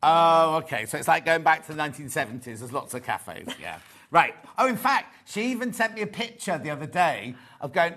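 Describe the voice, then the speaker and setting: A woman's voice: low voice, very animated, fairly quick, a bit bright. A woman presenting a live sewing show, chatting casually and telling anecdotes with plenty of laughter. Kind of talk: casual chat.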